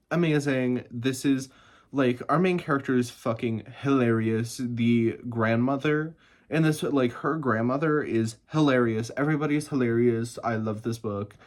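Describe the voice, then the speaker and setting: A man chatting casually about books he loved, gushing and excitable, laughing and swearing a lot, and a bit tired. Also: medium pitch, a little slow. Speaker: book reviewer. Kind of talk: casual chat.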